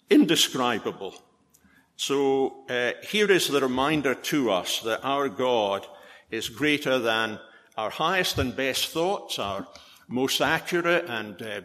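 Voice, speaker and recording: A man preaching a sermon, with many "uh" fillers, who rises in pitch and volume when he quotes scripture. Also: fairly bright tone. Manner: frequent "uh" fillers. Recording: long hall reverb.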